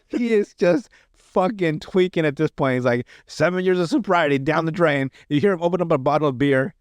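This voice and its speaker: A man hosting a casual podcast, recounting stories in a loose, rambling way full of swearing and chuckles. His voice sits fairly high for a man. The sound is dry and close, with no room echo. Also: animated, normal speed, clear, resonant tone. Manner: rambling, profane, laughing storyteller. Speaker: podcast host. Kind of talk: casual chat, recapping comedy sketches.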